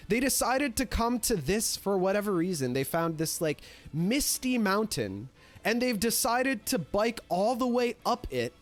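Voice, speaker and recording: A man casually telling a story, animated and profane, filling his talk with "like". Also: sits high, a little slow, soft background music. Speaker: streamer.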